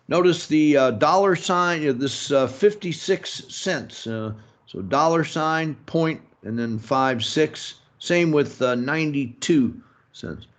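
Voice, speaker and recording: A man teaching a business English lecture, slow and halting, filling pauses with "mm-hmm" and "okay" and adding opinionated asides. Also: mid-range voice. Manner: slow, halting, many fillers and self-talk like "mm-hmm" and "okay". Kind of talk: recorded lecture.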